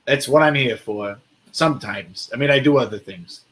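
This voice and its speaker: A man's voice: mid-range voice, moderate pace, a bit bright, breathy edge, poor audio. Casual, distracted male player. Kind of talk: casual game talk.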